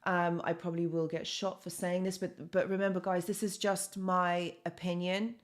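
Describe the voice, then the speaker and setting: Chatty woman, lowish voice. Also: little pitch movement, moderate pace. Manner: chatty, many fillers and restarts, reads out comments. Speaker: psychologist hosting a live Q&A. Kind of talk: casual live-stream chat.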